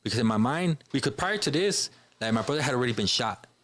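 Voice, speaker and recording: A man's voice: medium pitch, lively intonation, fast talker, fairly bright tone, no echo. A man from Chicago, a podcast guest, telling a personal story in a casual, informal way, filling his speech with "you know" and "bro".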